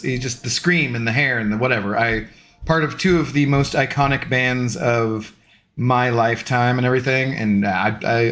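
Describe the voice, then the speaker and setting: A man's voice: mid-range voice, fairly bright tone. A young adult man streaming, chatting casually with viewers in a rambling, easygoing, self-deprecating way. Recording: faint music underneath.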